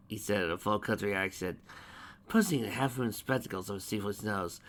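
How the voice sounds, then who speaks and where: A man reading a fan-written story aloud, halting at times and restarting words. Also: fairly low pitch, fairly bright tone. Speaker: reader. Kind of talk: amateur fan fiction reading.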